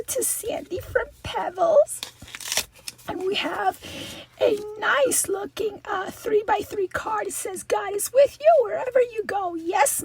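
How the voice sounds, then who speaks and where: A woman hosting a crafting channel, chatting casually and gushing with excitement as she opens gifts from viewers. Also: very high-pitched, vocal fry, slight background noise. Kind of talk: casual unboxing chat.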